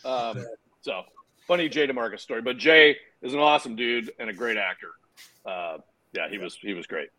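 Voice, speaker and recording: A man being interviewed about his work, telling stories in a relaxed, casual way with fillers and some swearing. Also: medium pitch, normal speed, rough recording. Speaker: guest filmmaker and actor.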